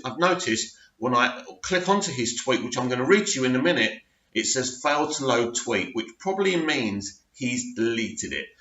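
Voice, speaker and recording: A man's voice: medium pitch, pushed and bright. A man hosting a fan news show, giving opinionated commentary and reading posts aloud. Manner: opinionated, emphatic, reads tweets aloud. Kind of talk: casual commentary to camera. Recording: echoey room, slightly dull sound.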